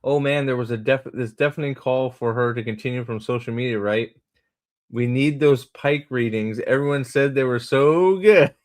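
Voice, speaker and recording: A man's voice: mid-range voice, moderate pace. A man hosting a casual livestream, rambling, swearing and mocking as he reads comments and talks to chat. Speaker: host.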